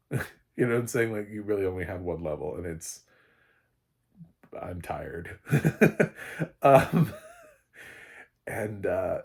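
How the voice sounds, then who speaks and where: Gravelly low-voiced man rambling about a film. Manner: rambling, restarts sentences, chuckles often. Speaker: film reviewer. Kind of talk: casual spoken movie review.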